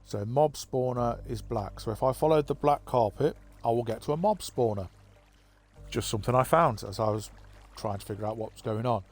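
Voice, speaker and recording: A man giving a relaxed, rambling tour of his game map, thinking aloud with plenty of fillers. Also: medium pitch, brisk. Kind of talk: casual gameplay commentary. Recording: faint background music.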